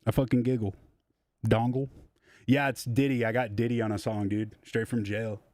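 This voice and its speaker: A man's voice: medium pitch, level tone, moderate pace, a little mellow, no room sound. A young man streaming live from his home studio as a music producer, chatting casually in a rambling, profane, self-deprecating way.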